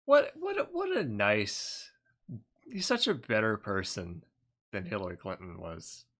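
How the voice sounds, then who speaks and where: A man's voice: lowish voice, big pitch swings, unhurried, a bit bright. Sarcastic man rambling on a stream. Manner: sarcastic, rambling, laughs often. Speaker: streamer reacting to a speech. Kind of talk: casual live-stream commentary.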